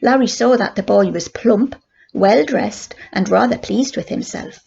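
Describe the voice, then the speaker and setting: An older woman, a grandmother, reading a children's book aloud in steady, plain narration. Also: medium pitch, unhurried, creaky, breathy edge, dull audio. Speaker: grandmother storyteller.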